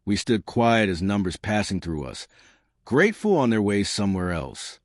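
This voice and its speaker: A man narrating a scripted story in a slow, lyrical, measured way. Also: on the low side, sing-song, no echo, studio quality.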